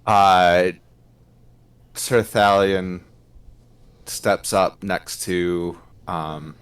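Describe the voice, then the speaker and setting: A man's voice: low voice, fairly even intonation, drawn-out words, clear, resonant tone, no echo. A man playing a tabletop role-playing game, describing his character's actions in a hesitant way while he searches for words. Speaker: player. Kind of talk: casual tabletop play.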